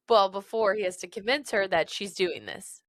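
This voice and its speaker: A woman's voice: mid-range voice, a little slow, no echo. Laughing woman retelling a story. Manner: animated retelling with acted-out quotes and laughter. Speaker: podcast co-host. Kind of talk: casual book-discussion chat.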